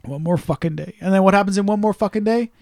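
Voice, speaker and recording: A young man co-hosting a casual chat, telling stories excitedly, swearing freely and easily wound up. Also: high voice, quick pace, gravelly, no echo. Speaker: podcast co-host.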